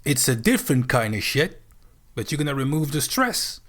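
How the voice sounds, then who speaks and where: A man's voice: mid-range voice, very animated, moderate pace, a bit bright. A man from France, a streamer ranting bluntly with lots of swearing and repeated points. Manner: blunt, swearing, emphatic repetition. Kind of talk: profane livestream rant.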